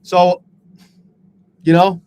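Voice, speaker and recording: A fairly high-voiced man streams his day trading live and talks straight to his viewers. He is frustrated and self-deprecating, swearing freely. Faint background noise runs under his voice. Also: little pitch movement, very slow, darkish tone, rough recording. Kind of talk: live stream talking to chat.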